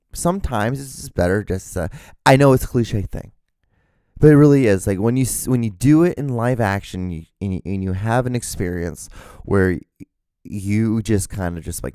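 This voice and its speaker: A man's voice: mid-range voice, dark tone, dry recording, clean studio sound. A young man hosting a solo podcast, rambling through a story with lots of restarts and casual swearing. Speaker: podcast host.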